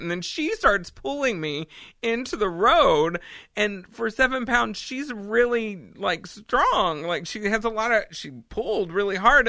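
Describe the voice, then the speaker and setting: A woman co-hosting a casual podcast tells stories with lively, swooping intonation and frequent laughter. Her voice is bright and a little sharp. It sounds close and dry. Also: medium pitch, gravelly, no room sound. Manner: animated, laughing storyteller. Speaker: podcast co-host. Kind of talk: casual chat, storytelling.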